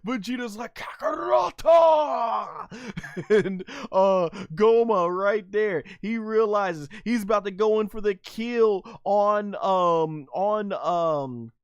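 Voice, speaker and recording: A high, smooth male voice, recorded dry and close. He narrates an anime episode scene by scene in a casual, hyped-up way. He keeps jumping into the characters' lines and cries, with lots of "uh" and "like" between them. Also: takes it slowly, few pauses, no room sound. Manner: animated, acts out characters' lines, many fillers. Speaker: anime reviewer. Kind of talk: excited anime episode commentary.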